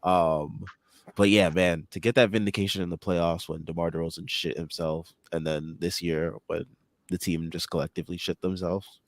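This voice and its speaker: Low-voiced brash man talking basketball. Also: moderate pace, no room sound. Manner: excitable, brash predictions. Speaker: podcast co-host. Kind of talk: casual sports chat.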